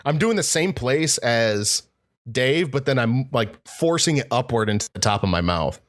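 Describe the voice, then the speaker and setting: A man co-hosting a casual podcast who explains things at length and talks his ideas through. His voice sits at a middling pitch for a man. The chat is easygoing. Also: expressive, normal speed, a bit bright. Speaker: podcast co-host.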